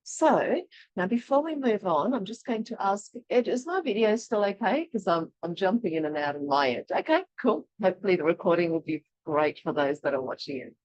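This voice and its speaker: A woman from Eastern Europe leading an online workshop, talking in a chatty, animated way and laughing often. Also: mid-range voice, brisk, dry recording, dull audio. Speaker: workshop leader. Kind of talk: casual online workshop teaching.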